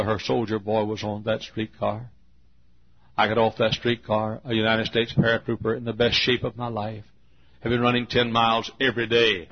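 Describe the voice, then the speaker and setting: A man in his fifties from Texas preaching a sermon, telling a long personal story in an earnest, drawn-out way. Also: mid-range voice, slightly rough. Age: 50s. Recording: dull lo-fi sermon recording.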